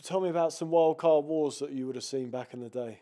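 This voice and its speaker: Mellow-voiced male interviewer. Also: a little high, brisk. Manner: brief prompts with hesitant restarts. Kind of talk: interview questions.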